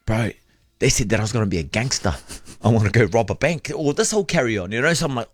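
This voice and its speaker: A man's voice: medium pitch, expressive, fairly quick, dry recording, studio quality. A man with a New Zealand accent co-hosting a radio show, chatting in a laid-back way and saying "bro" often. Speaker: radio host. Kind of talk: casual radio banter. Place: radio studio.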